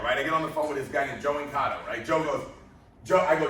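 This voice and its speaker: Fast-talking man pitching a business. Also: a little hiss or hum. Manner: rhetorical questions, animated storytelling. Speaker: business presenter. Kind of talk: motivational sales presentation. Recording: echoey room from far off.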